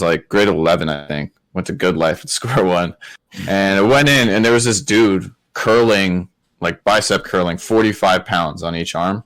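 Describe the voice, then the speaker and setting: Deep-voiced man, laid-back and swearing. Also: a bit bright. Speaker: podcast co-host. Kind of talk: casual podcast chat.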